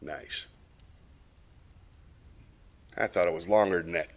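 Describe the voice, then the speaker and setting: A man's voice: medium pitch, expressive, a little fast, fairly bright tone. A man hosting a live stream, chatting casually with viewers and joking about their comments in a playful way. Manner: playful, jokey, reads chat comments aloud. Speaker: host of a live variety stream.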